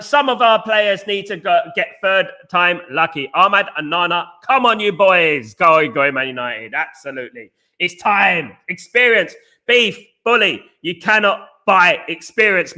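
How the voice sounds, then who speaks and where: A man chats loosely on a live stream, rambling from point to point and calling out to viewers in the chat. His voice is very bright and forward, and it sits a little higher than most men's. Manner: chatty, rambling, addresses chat viewers directly. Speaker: livestream host.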